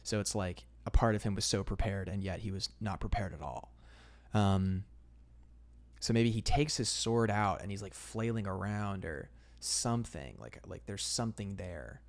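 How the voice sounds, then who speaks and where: A man's voice: lowish voice, vocal fry. A young man casually chatting on a livestream, reading out comments and rambling with lots of fillers. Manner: laid-back and rambling, drawn-out fillers, calls chat "man". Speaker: illustrator streaming live.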